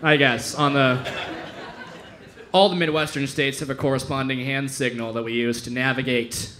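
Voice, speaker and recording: A young man from Denver hosting a comedy club night, delivering stand-up in a loose, rambling way and now and then jumping into loud mock voices. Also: medium pitch, fairly even intonation, normal speed. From Denver, Colorado. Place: comedy club stage with audience laughter.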